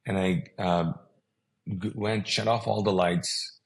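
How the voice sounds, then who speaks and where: A man's voice: deep voice, fairly even intonation, a little slow, creaky. A middle-aged man whose first language is Urdu, telling a personal story as a guest and acting out the dialogue in it.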